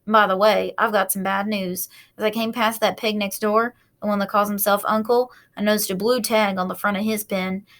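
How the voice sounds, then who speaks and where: A husky, bloated male rat gloats and snarls in a gravelly storybook voice, as a woman reader puts him on. He speaks loudly and sneeringly, relishing his own greed. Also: medium pitch, steady tone, brisk, few pauses, lightly acted. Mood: gloating.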